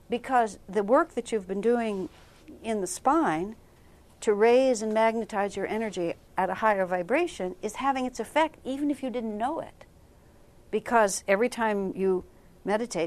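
Woman meditation teacher, casual lively storyteller, laughs easily, in front of a group. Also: a little high. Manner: conversational, laughs often, animated storytelling. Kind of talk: informal spiritual class talk.

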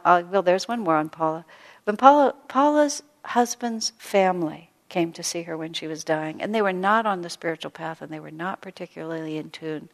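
A woman spiritual teacher giving a gentle storytelling talk to a live audience, full of soft asides. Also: lowish voice. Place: hall with an audience. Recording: long hall reverb.

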